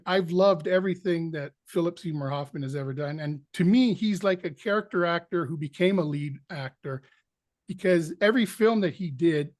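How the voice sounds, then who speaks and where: An actor guest on an interview podcast, telling a story with lively act-outs of what people said. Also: male voice, sits high, no room sound, clean studio sound. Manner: animated anecdote teller, acts out quotes.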